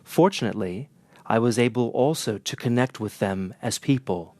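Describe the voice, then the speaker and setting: A man with a Northern American accent, an interpreter teaching in a measured, earnest way. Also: mid-range voice, a little mellow, dry recording. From northern United States. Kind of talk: scripted lesson to camera.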